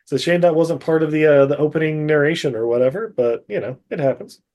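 A man with a fairly high, darkish voice talks fast as a podcast co-host, casually recapping a movie. He rambles, uses lots of fillers and laughs often.

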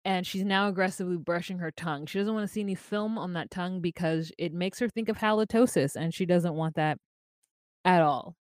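A woman's voice: fairly low pitch, a little fast, a little mellow, dry recording, clean studio sound. A woman co-hosting a podcast, chatting casually and wryly as she recaps a reality show. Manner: chatty, wry asides. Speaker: podcast co-host.

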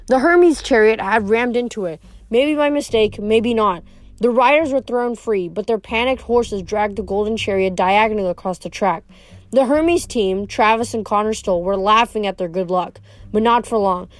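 A woman's voice: mid-range voice, normal speed, dry recording. A woman reading a novel aloud as an amateur audiobook, with frequent slips and restarts. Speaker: audiobook reader.

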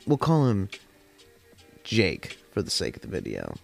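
A man's voice: sits low, wildly swooping pitch, a little slow, vocal fry. A young man hosting a podcast, telling a long story in a rambling, chatty way with plenty of swearing. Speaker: podcast host. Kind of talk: casual storytelling. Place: at home during a smoke session. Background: faint lo-fi jazz hop music.

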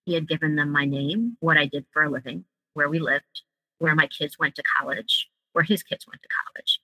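A woman's voice: low voice, moderate pace, pushed and bright, dry recording, low-quality recording. A woman, a guest, earnestly telling a personal story in an interview.

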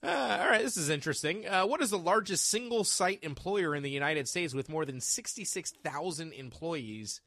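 A man's voice: a little high, lively intonation, normal speed, few pauses, sharp tone, dry recording, clean studio sound. A man co-hosting a trivia podcast in casual chat, joking and laughing often. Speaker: podcast co-host.

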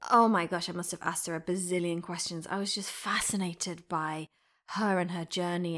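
A woman hosting a casual chat, answering fan questions with effusive, rambling enthusiasm that often drops into soft half-whispers. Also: mid-range voice. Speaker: podcast host, former series actor.

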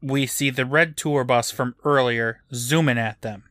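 A man's voice: mid-range voice, measured pace, fairly bright tone. A man co-hosting a podcast, recapping an episode in casual chat with dry, wry remarks and offhand swearing.

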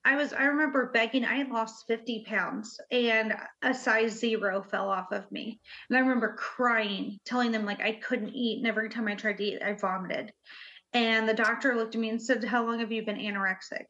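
A woman guest telling her own story in an interview, earnest and halting, with many fillers. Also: on the high side, fairly even intonation, pushed and bright. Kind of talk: personal interview talk. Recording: muffled lo-fi audio.

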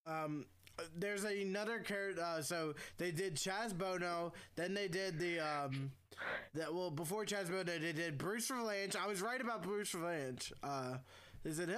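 A man's voice: high voice, lively intonation, a little slow, fairly bright tone, smooth. A young man co-hosting a podcast in casual chat, joking and teasing his co-hosts. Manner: joking, teasing, loose with facts. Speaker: podcast co-host.

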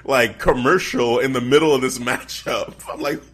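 A man co-hosting a casual wrestling podcast, talking in an animated, incredulous way and laughing often. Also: mid-range voice, moderate pace. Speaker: podcast co-host.

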